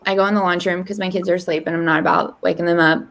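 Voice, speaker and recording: A woman's voice: very fast, vocal fry. A woman in her thirties telling a candid personal story in casual conversation, acting out quoted lines. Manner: animated, acts out quoted dialogue with rising pitch. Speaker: podcast guest.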